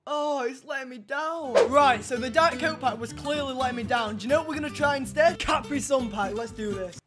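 A gaming YouTuber, a young man with a very high-pitched voice, commentates a video game pack opening. He's excitable and loud, shouting and laughing at each reveal, speaking a little fast over background music.

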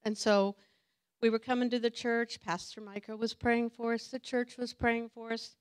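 A woman's voice: fairly high pitch, little pitch movement, moderate pace, darkish tone, clean tone. Earnest woman giving a church testimony. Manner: earnest, emotional, laughs often. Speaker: church greeter sharing testimony. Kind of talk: personal testimony. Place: church meeting room with audience.

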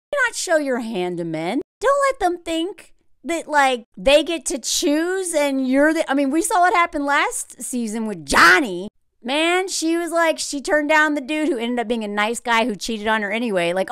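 A sarcastic, animated woman, riffing on a reality show in a casual vlog. Her fairly high voice jumps all over in pitch, and the sound is close and dry. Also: dry recording. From Southern United States. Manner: animated, sarcastic, frequent "like" fillers. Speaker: reality TV commentator.

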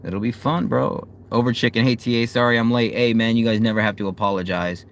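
A man hosting a fan livestream, chatting casually and cursing, swinging from low muttering to loud hype. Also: steady tone, brisk, creaky. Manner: hyped, profane, swings from low mutter to yelling. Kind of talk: casual live stream chat. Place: outdoors.

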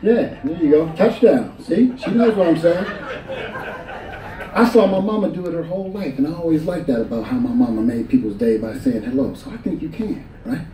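A man performing a stand-up comedy set on a club stage, telling stories animatedly and jumping into high voices for the people he quotes. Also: lively intonation, a little fast, dark tone, distant mic. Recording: roomy live club recording, crowd laughter.

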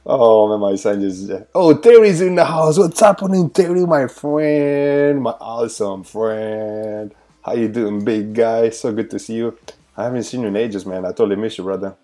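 An upbeat pastor hosts a casual livestream chat in a mellow, lowish voice with lively intonation and a fairly quick pace. He greets viewers by name and laughs often, then shifts into an earnest prayer.

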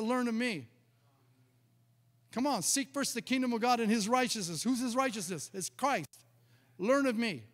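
Middle-aged male pastor, high-pitched, animated storyteller, church with long reverb. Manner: animated storyteller, acts out dialogue, repeats words. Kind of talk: sermon with storytelling.

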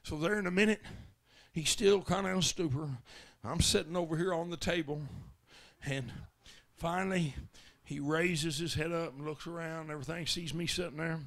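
A man preaching at a tent revival, telling a folksy story that builds to shouted commands. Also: on the high side, fairly even intonation, moderate pace. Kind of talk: revival sermon testimony.

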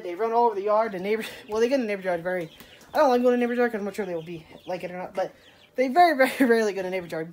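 At home on a rainy day, a woman films her daily vlog, chatting in a casual, rambling way full of "like" and loose asides. Her voice is medium-pitched and darkish, with slight background noise.

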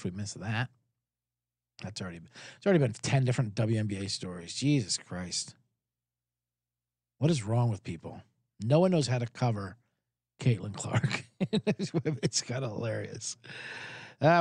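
A man's voice: medium pitch, creaky, no room sound, clean studio sound. A man hosting a sports betting podcast, talking in a rambling, profane, casual way.

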